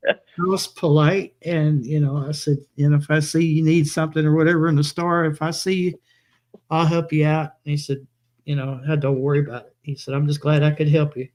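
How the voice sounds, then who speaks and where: A man's voice: on the high side, flat delivery, fairly quick, a little mellow. A man telling long rambling anecdotes in a casual live chat, quoting himself as he goes. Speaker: co-host.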